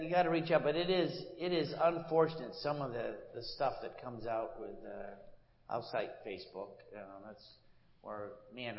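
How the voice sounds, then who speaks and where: A man, a lawmaker, chatting on stage in a halting, folksy way, full of fillers and restarts. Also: medium pitch. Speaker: congressman and co-guest. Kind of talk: casual stage conversation. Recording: dull, echoey hall with long reverb.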